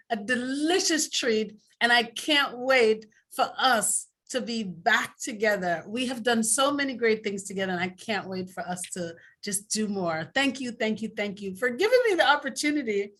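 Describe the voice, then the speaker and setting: A woman speaking at a book launch, telling an animated story about a friend and breaking into loud exclamations. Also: fairly high pitch. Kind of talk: lively storytelling tribute.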